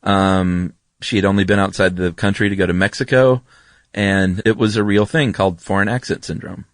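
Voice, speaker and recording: Podcast co-host: man, lowish voice, chatty and explanatory, dry close recording. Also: fairly even intonation, normal speed, no room sound. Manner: chatty and explanatory, with frequent ums. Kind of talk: casual chat.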